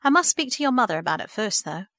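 A woman reading as an effusive, warm-hearted aunt from a storybook, bubbling with enthusiasm and lifted up in pitch. The recording is close and dry, with no room sound. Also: big pitch swings, fast, dry recording. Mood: gushing. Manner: gushing, enthusiastic.

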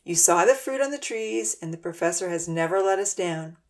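A woman voicing a kind, calm adult man who leads a group of children, speaking slowly and reassuringly. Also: lowish voice. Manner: slow, reassuring and firm.

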